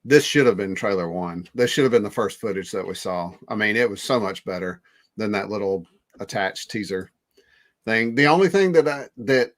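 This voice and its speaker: A man co-hosting a podcast, talking about movie trailers with enthusiastic, rambling fan excitement. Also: fairly low pitch, normal speed. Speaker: podcast co-host.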